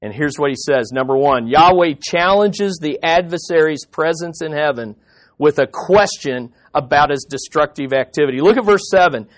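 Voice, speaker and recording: A man's voice: a little high, moderate pace. A man preaching a sermon as a pastor, emphatic and throwing rhetorical questions at his listeners.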